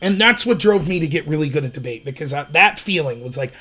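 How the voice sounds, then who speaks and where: A man's voice: a little high, expressive, fast talker, sharp tone. A man from Pennsylvania hosting his own livestream, telling stories in a casual, digressive way. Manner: storytelling, chatty, digressive. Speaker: livestream host.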